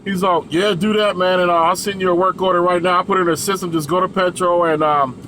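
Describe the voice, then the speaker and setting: A man's voice: sits high, steady tone, fast talker, sharp tone, slight background noise, low-quality recording. A man who drives trucks tells a story in a loose, casual way, swearing and laughing between his lines.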